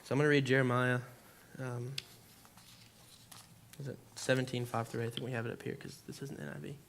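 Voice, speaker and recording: A man's voice: medium pitch, level tone, brisk, vocal fry, a bit bright, a little hiss or hum. A young man giving an informal sermon, telling a personal story in a conversational way, full of "like" and acted-out reactions. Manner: conversational, lots of "like", acts out his own reactions. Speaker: preacher. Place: church.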